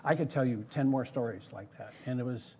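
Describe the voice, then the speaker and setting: Speaking fairly quickly at medium pitch, a former theme park designer, now older, shares stories in a relaxed interview. He's a lively storyteller who performs other people's lines, and there's slight background noise.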